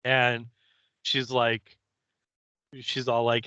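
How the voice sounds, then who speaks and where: Slow, bright-voiced man recapping. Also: medium pitch, flat delivery, smooth, no echo, dull audio. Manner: retells scenes and slips into quick character voices. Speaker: podcast co-host. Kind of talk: casual episode recap.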